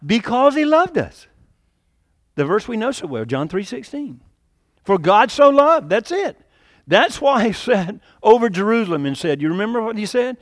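A man preaching a sermon, lively and animated, acting out quoted lines with sudden rises and drops in his voice. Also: high-pitched, moderate pace, dry recording, clean studio sound. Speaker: pastor.

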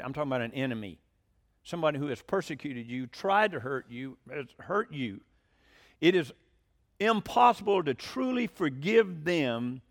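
A middle-aged man preaching a sermon, swinging between loud emphatic declarations and quiet conversational asides, often questioning the congregation. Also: fairly high pitch.

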